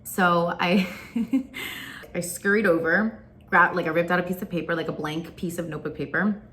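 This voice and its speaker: Bright-voiced young woman telling stories. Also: fairly low pitch, normal speed. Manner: animated, laughs often, says like a lot. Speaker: singer and vlogger. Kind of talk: chatty storytelling.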